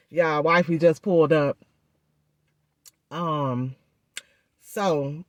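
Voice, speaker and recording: A woman's voice: on the low side, slow pace, long pauses, no room sound. A woman vlogger chatting casually to her viewers, her speech thick and muffled from a swollen jaw and gauze in her mouth. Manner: chatty, addresses viewers often with "y'all" and "baby". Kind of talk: casual vlog chat.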